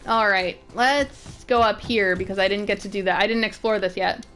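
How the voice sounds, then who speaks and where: A woman with an alto voice, chatting excitably and giggling as she streams herself playing a video game. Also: mid-range voice, moderate pace. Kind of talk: casual let's-play commentary. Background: game music.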